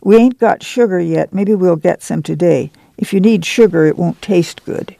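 A man's voice: high-pitched, normal speed, vocal fry, mellow, no echo. A man reading the part of a weary, guarded migrant farm mother in a folksy rural drawl. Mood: warming, humble.

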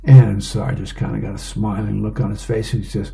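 A man's voice: fairly low pitch, level tone, fairly quick, vocal fry, hardly any pauses, warm tone. A man casually reading an advice column and newspaper comics aloud, describing each panel with small fillers.

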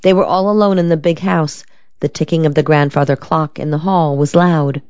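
A woman narrating a novel in a measured, steady storytelling manner. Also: deep voice, dry recording. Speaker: audiobook narrator. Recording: dull, lo-fi dry recording.

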